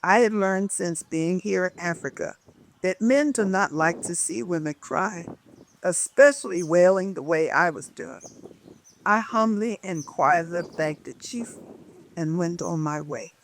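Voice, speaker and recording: A woman reading her own memoir aloud as a lively storyteller who changes her voice for the people in it. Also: fairly low pitch, a little slow, a little hiss or hum.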